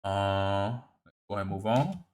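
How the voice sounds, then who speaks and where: A man presenting a lecture over slides in a casual, halting way. He often repeats and restarts his words, checks in with "all right?", and swings between emphatic rises and low muttered asides. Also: darkish tone. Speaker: presenter of a video series. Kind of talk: lecture walking through slides.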